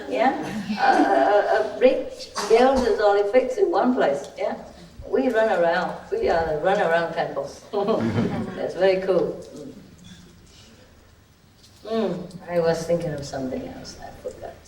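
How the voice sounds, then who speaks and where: A woman spiritual teacher giving a talk to an audience, chatty and lively, laughing often, with loose non-native grammar. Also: mid-range voice. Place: gathering hall with audience. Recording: echoey archive recording from a distant mic with background noise.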